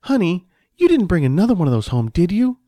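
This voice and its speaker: A man's voice: sits high, sing-song, fairly quick, dark tone, dry recording, clean studio sound, pitched above the performer's own voice. A man reading aloud and voicing a stern, frowning older woman who scolds her husband in a storybook. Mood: scolding. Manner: scolding then cooing. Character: stern grandmotherly woman, wrinkled, frowning, softens.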